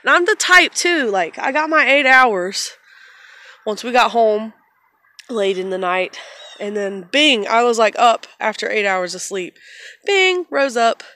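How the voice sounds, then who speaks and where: A woman's voice: fairly high pitch, expressive, unhurried, pushed and bright, no room sound. A tired woman vlogging casually at home on her phone, rambling and chatty, with frequent laughs. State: tired from little sleep. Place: at home and in the backyard. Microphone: phone camera.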